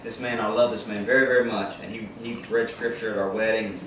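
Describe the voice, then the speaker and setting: Talking fast in a steady, low-leaning voice, a live-performing singer-songwriter tells a meandering story between songs, frequently starting phrases over. There's a little hiss or hum, plus heavy echo, distance from the mic and loud guitar.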